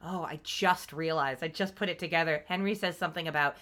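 A woman with a slightly low voice chats casually as a podcast co-host, recapping a TV series. She talks animatedly, swears freely and slips into little quoted asides to act out scenes. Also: brisk, a bit bright.

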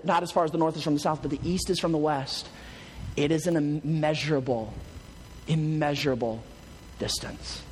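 A man preaching a sermon, animated and swinging from hushed to loud, laughing often as he tells stories. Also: sits high, slight background noise. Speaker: pastor. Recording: long hall reverb.

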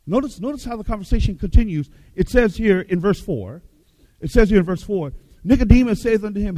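A man preaching a revival sermon, emphatic, repeating his phrases and swinging between loud and hushed. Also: high-pitched, lively intonation, quick pace, no room sound. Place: church hall with baptism tank.

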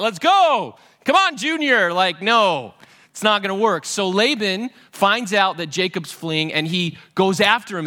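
A man preaching a sermon, retelling a Bible story with lively acted-out voices and frequent restarts. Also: sits high. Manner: animated storytelling, acting out Bible characters' voices. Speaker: pastor.

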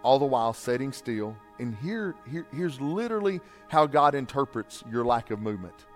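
A male pastor preaching a sermon, swinging from quiet, low asides to loud, repeated shouted refrains. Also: lively intonation, moderate pace, faint music behind.

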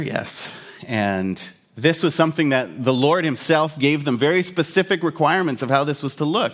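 A man's voice: medium pitch, fairly bright tone. A man preaching a sermon in a conversational, explanatory way with humorous asides. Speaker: pastor.

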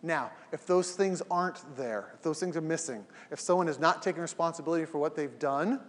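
A man with a slightly high voice speaks a bit quickly, and a long reverb tail trails his words. He's teaching his weekly evening class earnestly and emphatically, acting out everyday quotes along the way, in a live session later released as a podcast.

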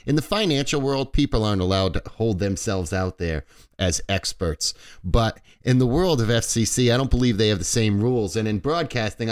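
Low, smooth-voiced man hosting a finance show. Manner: relaxed, explanatory, with fillers and self-corrections. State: a little stuffy. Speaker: financial radio show host. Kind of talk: conversational radio talk.

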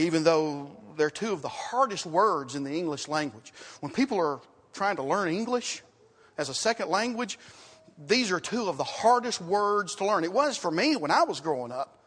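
A man preaching a sermon in a church, emphatic, repeating his phrases and asking rhetorical questions, swinging from loud to hushed. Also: sits high, long reverb tail. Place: church sanctuary.

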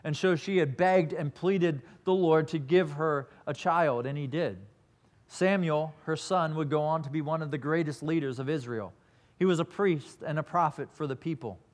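A man's voice: a little high, moderate pace. A man preaching a sermon, telling a scripture story earnestly and reading verses aloud. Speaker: pastor.

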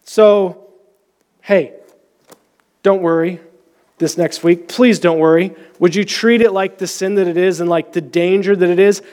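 Man, preacher, high-pitched voice, animated sermon, jumps into quoted voices, soft slow prayer. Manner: animated storytelling, acts out quotes in higher voices; slows down and softens in prayer.

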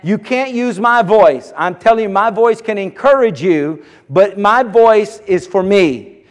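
A man's voice: high-pitched, animated, measured pace, big-room sound. A middle-aged man preaching a sermon as pastor, fervent and emphatic, with repeated exclamations.

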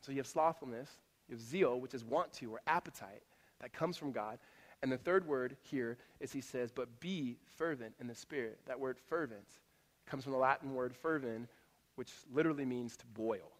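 A man preaching a sermon as a pastor to a church congregation, talking in a conversational, animated way with frequent restarts. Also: medium pitch, moderate pace. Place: church auditorium. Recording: long hall reverb.

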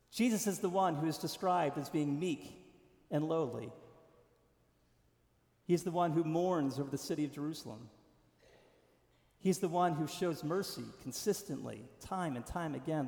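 A man with a high voice preaches from the pulpit, pressing hard on key words and then easing down to a softer tone. His sermon rings through a church sanctuary with a long, echoing reverb. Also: gravelly. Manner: emphatic preaching, rising to stressed lines then dropping soft. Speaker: pastor.

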